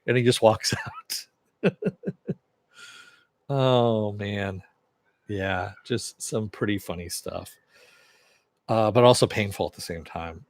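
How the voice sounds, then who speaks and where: Low-voiced man casually recapping a show. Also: dry recording. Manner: chatty, many fillers, chuckles while retelling. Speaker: TV series reviewer.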